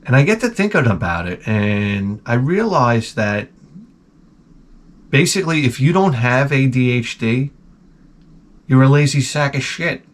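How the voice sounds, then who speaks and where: A man's voice: mid-range voice, a little slow, pauses often. Rambling, crude man in his forties. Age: 40s. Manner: crude, rambling, self-mocking, jumps into loud animated retellings. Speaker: host. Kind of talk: casual rambling monologue.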